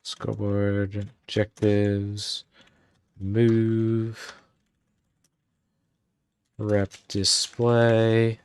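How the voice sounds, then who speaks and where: A man's voice: fairly low pitch, completely flat delivery, extremely slow, long pauses, darkish tone, clear, resonant tone. A man casually talking through his game-building work on a livestream, muttering commands as he types. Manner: mutters commands aloud while typing. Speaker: streamer and game developer.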